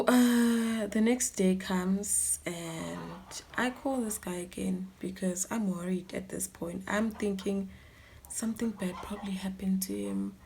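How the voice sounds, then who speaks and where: Slow, hushed South African woman. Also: mid-range voice, gravelly. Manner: dramatic storytelling, often dropping to a soft near-whisper. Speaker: YouTuber. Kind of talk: storytime chat while doing makeup.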